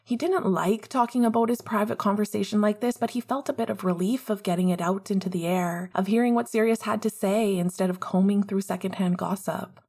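A woman reading fan fiction aloud in a calm, measured way. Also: medium pitch, breathy edge. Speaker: reader.

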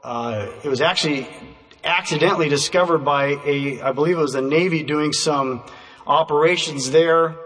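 A man preaching a sermon, telling illustrations in a measured, emphatic way that slows down to stress key phrases. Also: on the high side, fairly bright tone. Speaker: pastor. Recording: distant voice in a reverberant hall.

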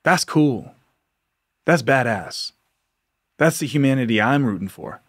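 A man's voice: mid-range voice, lively intonation, unhurried, a bit bright. A man hosting a podcast, delivering an impassioned monologue full of rhetorical questions and frequent laughs. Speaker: podcast host.

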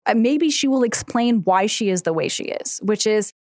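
A woman's voice: a little high, animated, moderate pace, hardly any pauses, a little mellow, no echo, studio quality. A woman co-hosting an advice podcast, walking through steps and acting out sample scripts in casual chat. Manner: gives step-by-step advice, reads sample scripts aloud.

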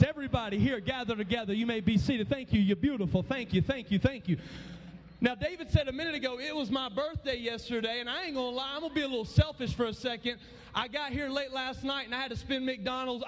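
A man speaking at a youth event, preaching with high energy and shouting playful calls to a live crowd in a large hall. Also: slight background noise.

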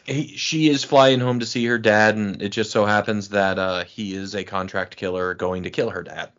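A man in casual movie chat, rambling and pausing with fillers as he recalls names. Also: fairly low pitch, steady tone, a bit bright. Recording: dull lo-fi sound.

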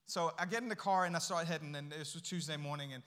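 A man's voice: a little high, fast talker, fairly bright tone. Middle-aged man preaching in a reverberant church. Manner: conversational, acts out dialogue in his story. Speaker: guest speaker. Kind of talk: storytelling sermon. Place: church sanctuary. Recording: long hall reverb.

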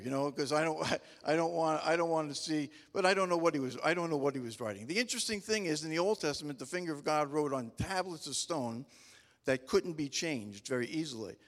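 A middle-aged man with a slightly high, fairly bright voice gives a casual sermon. He rambles through folksy, funny stories, stopping and restarting often. The long reverb of a large hall surrounds him.

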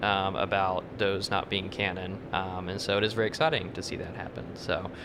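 A man hosting a casual podcast chat, easygoing and steering the conversation. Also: brisk. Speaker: podcast host. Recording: steady rumble in the background.

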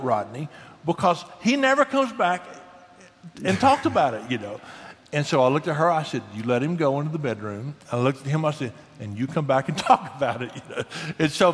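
An older man giving marriage advice in an earnest, folksy way, telling stories with lively emphasis. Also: fairly high pitch, fast. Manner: earnest, folksy, animated storytelling. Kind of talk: conversational advice. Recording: long reverb.

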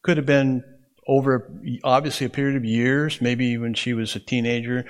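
Here a man teaches Bible class in a classroom, speaking at normal speed with a voice in an unremarkable middle range. His style is relaxed and chatty, and he keeps turning to the students with "okay?" or "right?"

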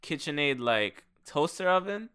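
Young dude on a podcast, swears a lot, bright crisp voice. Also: male voice, a little high, measured pace. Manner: profane, animated storyteller. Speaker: podcast co-host. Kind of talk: casual chat.

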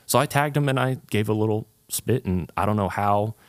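A man's voice: on the low side, a little fast, dry recording. A young man, a worship leader, talking earnestly in a casual interview, rambling with fillers and restarts.

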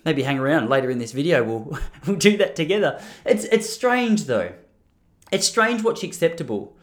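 An Australian man chatting straight to camera in a loose, rambling vlog. His pitch swings widely as he jokes at his own expense and trips over his own restarts. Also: sing-song, moderate pace. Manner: rambling, jokey and self-deprecating, full of restarts. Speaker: vlogger. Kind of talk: casual to-camera monologue.

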